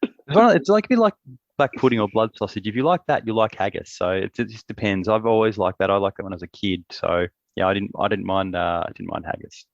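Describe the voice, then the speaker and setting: Gravelly man, lo-fi chat. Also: on the low side, fast talker, dry recording. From Australia. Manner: relaxed, rambling, with frequent restarts and laughs. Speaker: podcast co-host. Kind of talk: casual chat.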